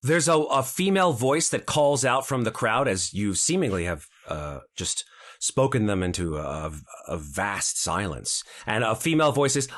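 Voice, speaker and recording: Male dungeon master, lively bright narration of a tabletop game. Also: fairly low pitch, moderate pace.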